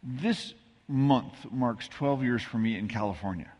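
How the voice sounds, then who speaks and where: A man with a slightly husky voice preaches in a relaxed, conversational way, tossing in asides and jokes at his own expense. He is from the American Midwest. His voice rings out through a church with a long, lingering reverb. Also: mid-range voice, a little slow. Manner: conversational, self-deprecating storytelling with asides. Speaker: pastor. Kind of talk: sermon. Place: church sanctuary.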